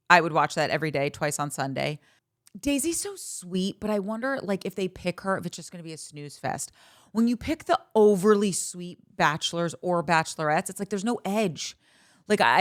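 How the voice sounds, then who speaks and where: A woman's voice: on the low side, no room sound, clean studio sound. A woman in her thirties hosting a podcast in casual chat, candid, bawdy and gushing as she talks. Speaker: podcast host.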